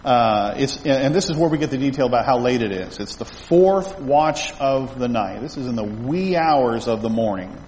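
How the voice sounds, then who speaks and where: A man's voice: medium pitch, lively intonation, normal speed, hardly any pauses, a little mellow, a little hiss or hum. A male pastor preaching an expository sermon in a conversational way, with restarts and asides to the congregation, in a church sanctuary. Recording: echoey hall, faint ambience.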